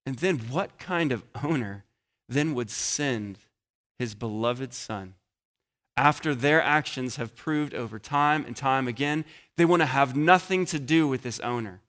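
A man preaching a sermon, swinging from loud emphasis to hushed pauses and sometimes searching aloud for passages. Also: mid-range voice. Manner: searching aloud with restarts while finding passages.

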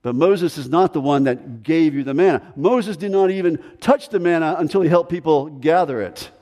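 A man's voice: fairly high pitch, moderate pace, a little mellow. A man preaching a sermon as pastor, emphatic, repeating key phrases for stress. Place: church sanctuary. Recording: echoey hall with long reverb.

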